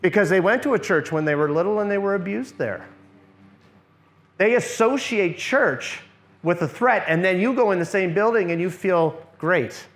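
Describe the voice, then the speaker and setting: A middle-aged man teaching a workshop to a church group, his voice sitting a little high for a man. He talks to the room in a conversational way and keeps checking that people follow. When he models what to say, he drops into a soft, low voice. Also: animated, moderate pace.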